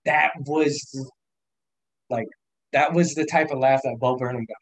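With a steady, medium-pitched voice and a slightly slow delivery, a young man guesting on a podcast tells meandering, foul-mouthed stories and keeps laughing. The audio is poor, though there's no room sound.

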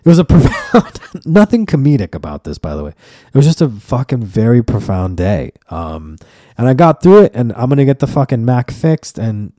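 A man's voice: mid-range voice, very animated, moderate pace, dark tone, no room sound, clean studio sound. A man hosting a podcast, ranting in a casual solo monologue, emphatic and full of profanity. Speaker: podcast host and comedian.

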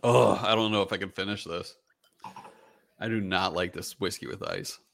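A man with a fairly low voice hosts a relaxed whiskey tasting podcast. He talks his ratings through out loud, upbeat and a little rambling. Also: normal speed, vocal fry. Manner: upbeat, thinks aloud while rating. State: has the hiccups. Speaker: podcast host. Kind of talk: casual whiskey tasting chat.

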